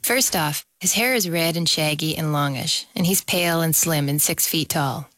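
A woman's voice: low voice, fairly bright tone, no room sound. Woman in her thirties reading a wry essay. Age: 30s. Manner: wry, measured storytelling. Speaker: mother reading her own story.

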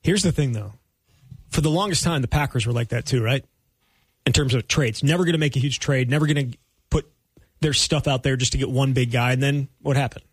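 Fast-talking husky man on sports radio. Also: mid-range voice, dry recording. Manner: quick, restarting, argumentative. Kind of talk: sports talk radio banter. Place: radio studio.

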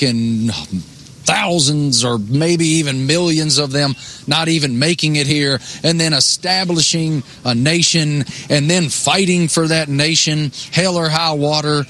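A man from the United States in casual conversation, talking earnestly with halting restarts and self-deprecating asides. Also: on the high side, bright, forceful tone.

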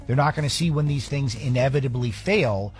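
A man's voice: mid-range voice, a little fast, soft background music. A man hosting a talk radio show, giving sarcastic, rambling political commentary into a studio microphone.

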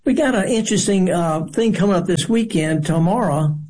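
A radio host chatting casually from a studio, rambling in a folksy way and cracking corny jokes. His voice sits fairly high and has a husky, breathy edge. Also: fairly quick, darkish tone. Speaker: radio gardening show host.

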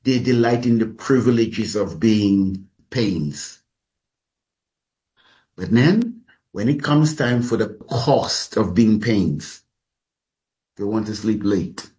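A man preaching a sermon as a pastor, speaking deliberately and calling his listeners beloved. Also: on the low side, expressive, dark tone.

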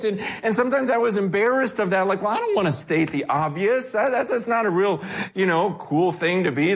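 Guy preaching, pretty high voice, lively, acts out the quotes, lots of restarts. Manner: frequent self-corrections and repeated words. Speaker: pastor. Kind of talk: sermon.

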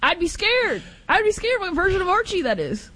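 A young woman co-hosting a casual sports talk show, chatty and quick to laugh. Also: very high-pitched, sing-song, fairly bright tone. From Northwest Indiana area, studied in Valparaiso. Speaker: co-host.

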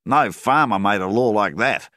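A man's voice: deep voice, sing-song, normal speed, no echo, studio quality, voice pushed up. A man voicing a stubborn male wheat farmer in debt who talks defiantly and angrily. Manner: defiant, yelling, seething.

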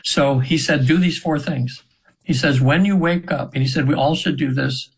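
A man's voice: a little high, moderate pace, vocal fry, breathy edge, poor audio. A man in his seventies, a radio show guest, telling a long personal story in a rambling way, with many restarts and fillers. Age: 70s. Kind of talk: casual storytelling interview.

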